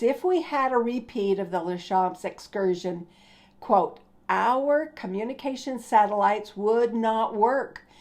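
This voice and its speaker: An older woman hosting a casual science talk, unhurried and stumbling over hard names. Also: mid-range voice, creaky, darkish tone. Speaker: host.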